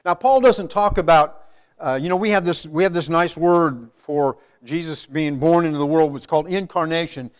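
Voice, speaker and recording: A man's voice: a little high, normal speed, smooth. A man pastor giving a conversational sermon, often restarting and repeating words as he explains a passage. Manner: conversational, many restarts and repetitions. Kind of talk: sermon with congregation.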